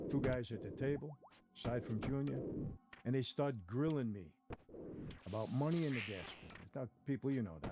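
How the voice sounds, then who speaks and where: A man telling a dramatic first-person story, talking straight to his listeners and moving between hushed and heated tones. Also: mid-range voice. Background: music.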